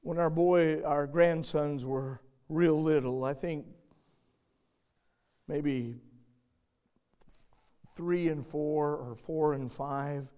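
An older man delivering a sermon from the pulpit. His voice sits fairly high and he takes his time over every phrase, pressing hard on key lines before sinking to a near hush. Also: steady tone, drawn-out words, pauses often, clean tone. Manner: emphatic, swinging from loud to hushed. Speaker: pastor. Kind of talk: sermon with storytelling.

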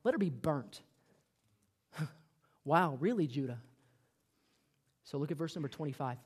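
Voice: mid-range voice, expressive, a little slow, darkish tone, breathy edge. A preacher giving an emphatic sermon, reading archaic scripture aloud and asking the congregation rhetorical questions. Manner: reads archaic scripture aloud, then comments.

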